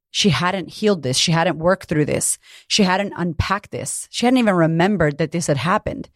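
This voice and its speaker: A middle-aged woman coach speaks frankly and with emphasis, dropping curse words as she makes her points. Her voice sits on the low side. The recording is dry and close, with no room sound. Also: no room sound. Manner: frank and emphatic, swears freely. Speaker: coach running women's retreats. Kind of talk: candid motivational talk.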